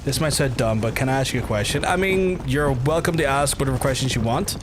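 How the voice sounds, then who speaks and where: A man's voice: mid-range voice, fairly quick, noisy background. A man with a Belfast accent streaming a game, chatting to his viewers in a joking, rambling, foul-mouthed way. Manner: joking, profane, rambling asides to chat. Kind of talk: casual gameplay commentary. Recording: game sounds under the voice.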